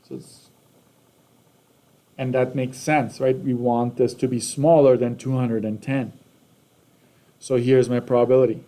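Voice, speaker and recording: A man's voice: medium pitch, warm tone. A man with a Canadian accent teaching a math lesson casually, often checking in with "right?" and "okay?".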